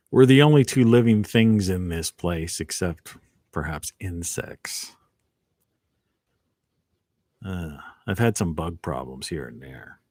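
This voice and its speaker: A man's voice: low-pitched, a little mellow, dry recording, studio quality. A man hosting a casual live stream from home, rambling and reflective, often trailing off mid-thought. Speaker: live video host.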